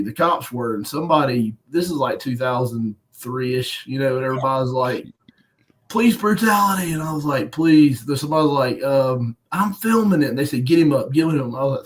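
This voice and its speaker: A man with a drawl, recounting an old bar fight on a live stream. He talks bluntly and swears freely, breaking into laughs at his own story. His voice sits at a middle pitch. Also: poor audio. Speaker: podcast host.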